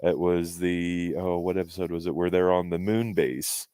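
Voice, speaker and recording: Low-voiced man rambling in casual chat. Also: fairly even intonation, normal speed, mellow, clear, resonant tone, no echo. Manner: rambling, restarts often, fan opinions. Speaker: podcast co-host.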